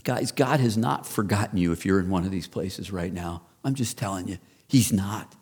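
Husky-voiced man preaching emphatically. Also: moderate pace. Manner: emphatic, builds to loud rhetorical questions then drops low and soft. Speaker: pastor. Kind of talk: sermon.

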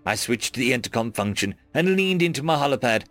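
A man reading a first-person science fiction story aloud in an earnest, expressive storytelling manner. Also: medium pitch, fast, no room sound. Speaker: narrator. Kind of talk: first-person audiobook narration.

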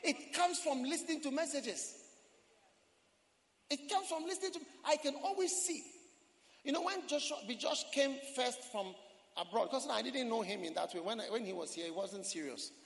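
A man preaching a sermon as pastor, quoting scripture and breaking into dramatic shouts. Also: very high-pitched, lively intonation, moderate pace, creaky. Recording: long hall reverb.

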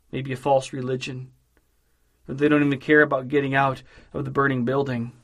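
A man preaching a devotional sermon in a measured, emphatic way, slowing down on key phrases. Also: medium pitch.

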